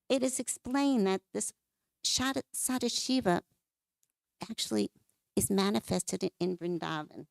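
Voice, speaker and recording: Gravelly-voiced woman telling temple stories. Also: mid-range voice, expressive, measured pace, no echo. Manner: narrates scripture stories, acts out quoted lines. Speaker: temple class speaker. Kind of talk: devotional storytelling class.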